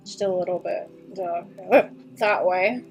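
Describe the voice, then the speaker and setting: A woman's voice: on the low side, slow pace, lo-fi sound, soft background music. A young woman livestreaming her drawing session, chatting casually with viewers, muttering to herself as she works, laughing often and swearing freely. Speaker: artist streaming a drawing session.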